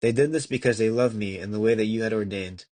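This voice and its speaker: A young man with a fairly low voice reads an old devotional text as an amateur audiobook. His delivery is measured and earnest, stumbling now and then and restarting a word. The close, dry recording has almost no room sound. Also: a little mellow, no echo. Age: young adult. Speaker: audiobook reader.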